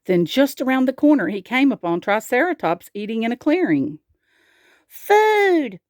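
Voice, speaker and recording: A woman reading a picture book aloud, slow and expressive, asking the listener questions. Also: a little high, dry recording, studio quality. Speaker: storyteller.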